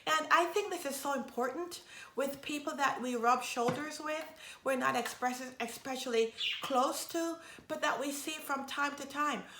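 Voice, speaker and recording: Gentle earnest woman in an echoey room. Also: sits high, moderate pace, a little hiss or hum. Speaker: instructor giving advice. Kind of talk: instructional talk to camera.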